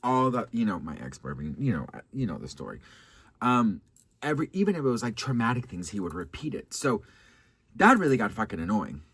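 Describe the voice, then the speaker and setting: A man telling dating stories to his viewers in a casual, sassy, dramatic way, swearing and changing his pitch often. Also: big pitch swings, fairly quick, fairly bright tone, slightly rough, no echo. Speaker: vlogger. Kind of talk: casual storytime chat.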